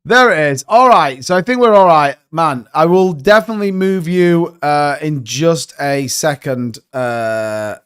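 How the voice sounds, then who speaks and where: A man's voice: on the high side, unhurried, few pauses, a bit bright, clear, resonant tone. A man hosting a casual crypto livestream, chatty, greeting viewers by name and swinging between upbeat bursts and muttering.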